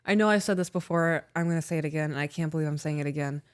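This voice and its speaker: A woman co-hosting a podcast in candid, casual chat. Her voice is smooth and clear, and she speaks frankly and emotionally, swearing freely. The sound is dry and close. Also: low voice, very fast, no room sound. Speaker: podcast co-host.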